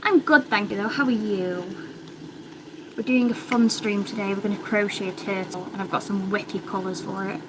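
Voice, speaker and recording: A woman's voice: medium pitch, normal speed. Chatty British woman on a noisy stream. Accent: British English. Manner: chatty, rambling, excitable. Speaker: crochet livestreamer. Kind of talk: casual livestream chat. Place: home.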